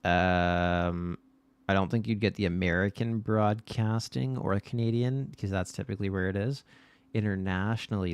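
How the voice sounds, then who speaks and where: A man with a somewhat low voice hosts a casual live watch-party stream from his desk mic. He talks straight to his chat, blunt and loose, with the odd swear word thrown in. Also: steady tone, moderate pace, clean tone.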